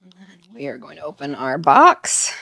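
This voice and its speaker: A woman's voice: sits low, sing-song, normal speed, sharp tone. A middle-aged woman chatting casually at home while she decorates, laughing often and telling little stories. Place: home, indoors.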